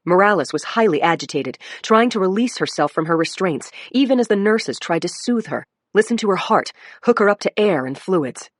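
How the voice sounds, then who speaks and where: A woman's voice: medium pitch, animated, moderate pace, few pauses, no room sound, clean studio sound. A woman reading a crime audiobook in a dramatic narration style. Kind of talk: scripted narration.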